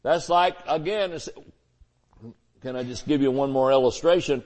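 A man's voice: medium pitch, normal speed, a little mellow. A man preaching a sermon as pastor, folksy and conversational, with homespun illustrations.

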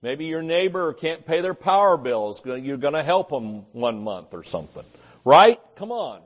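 A man's voice: fairly high pitch, sing-song, moderate pace. A male pastor, preaching a sermon in a folksy, joking way and often saying amen.

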